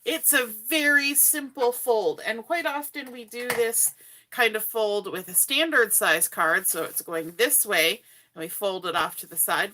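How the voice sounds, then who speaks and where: A woman's voice: mid-range voice, pushed and bright. A woman from Canada hosting a live card-making tutorial from home, chatty and greeting viewers by name as she works. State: hiccups. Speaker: crafting livestream host.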